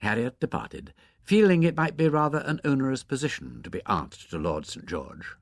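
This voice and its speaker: A man reads a novel aloud as an audiobook narrator. His delivery is measured but expressive, with a lively pitch that moves a good deal. The recording is close and dry. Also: no echo.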